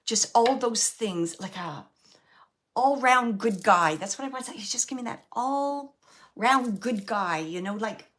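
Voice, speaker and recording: Bright-voiced woman medium, halting delivery. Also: a little high, animated. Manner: halting, filler-heavy, relays spirit's words. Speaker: medium giving readings. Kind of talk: live mediumship reading to audience.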